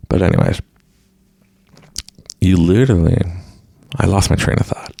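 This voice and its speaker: A man's voice: low-pitched, moderate pace, creaky, warm tone. A man hosting his own podcast, giving an unscripted motivational talk and laughing often. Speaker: podcast host. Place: room at home with a mic.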